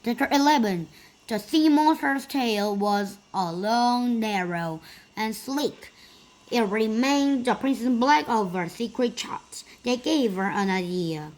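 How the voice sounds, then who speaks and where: A woman reading a children's storybook aloud in a slow, careful way. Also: fairly high pitch, lively intonation, darkish tone. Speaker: storybook reader.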